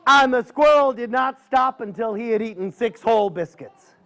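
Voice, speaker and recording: A man storyteller telling a folksy tale to a live audience, dramatic and drawing out his pauses. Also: very high voice, fairly bright tone.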